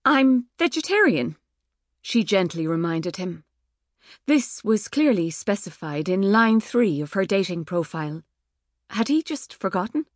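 A woman's voice: on the low side, animated, measured pace, a little mellow, no echo, studio quality. Woman narrating an audiobook. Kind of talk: scripted narration. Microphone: studio microphone.

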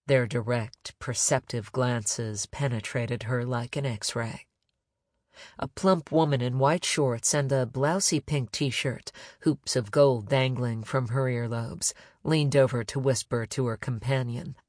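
A man reading a crime novel aloud in measured, even narration. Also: mid-range voice, no room sound, studio quality. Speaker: audiobook narrator.

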